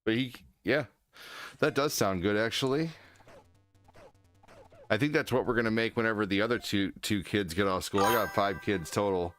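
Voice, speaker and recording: A man's voice: lowish voice, moderate pace, pauses often, a bit bright, soft background music. A middle-aged man hosting a live stream, chatting casually in an easygoing, rambling way with lots of fillers. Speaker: streamer host.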